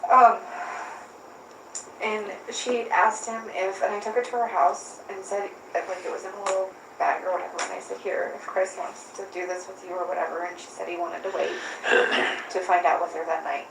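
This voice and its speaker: A woman's voice: mid-range voice, little pitch movement, normal speed, gravelly. A woman questioned by authorities, recounting events and retelling text exchanges in an interview room. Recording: echoey room, voice from far off, faint hiss.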